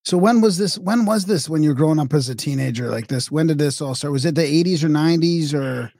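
A man's voice: a little high, fast, vocal fry, a little mellow, dry recording, studio quality. A man in his fifties hosting an interview, asking easygoing, reflective questions. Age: 50s. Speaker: host. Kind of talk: casual interview.

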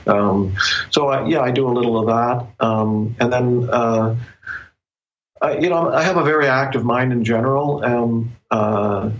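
A man who is an author, talking as a guest in a casual interview, reflective and often pausing to find his words. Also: medium pitch, muffled recording.

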